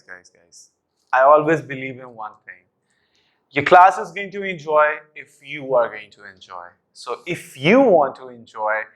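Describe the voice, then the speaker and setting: Slow, energetic male teacher trainer. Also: on the high side. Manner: energetic, addresses viewers as "guys", asks and answers own questions. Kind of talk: classroom activity explanation.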